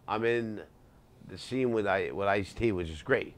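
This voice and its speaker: A middle-aged man, a comedian guest in a studio, telling animated anecdotes with quick asides. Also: lowish voice. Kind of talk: casual interview storytelling.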